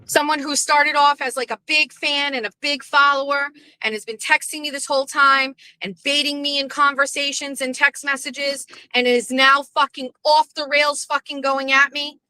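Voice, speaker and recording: A woman's voice: high voice, flat delivery, moderate pace, pushed and bright, no room sound, rough recording. A middle-aged woman hosting her own show, venting bluntly and profanely in a rambling monologue from her parked car. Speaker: host.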